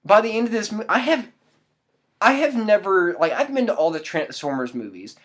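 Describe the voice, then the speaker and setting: A woman's voice: mid-range voice, very animated, moderate pace. A woman giving a casual spoken movie review, ranting in exasperation with exclamatory asides.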